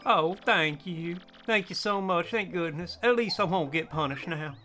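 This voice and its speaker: A man's voice: on the high side, normal speed, bright, forceful tone, soft background music. A man doing a timid, fretful shadow girl. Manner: pleading, worried.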